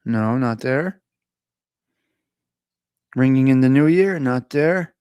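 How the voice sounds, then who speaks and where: A man's voice: medium pitch, animated, slow, smooth, dry recording, highs cut off. A man hosting a casual live stream, chatting with viewers, teasing them and reading their comments aloud. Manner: chatty, laughs often, teasing, ad-libs.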